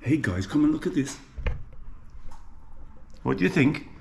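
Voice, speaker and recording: His voice is fairly high yet darkish and creaky, animated but delivered at a measured pace. He's a Birmingham-born home cook vlogger, chatty and self-deprecating as he addresses viewers during a casual cooking vlog in his home kitchen. The audio has slight background noise, a kitchen echo and faint clatter.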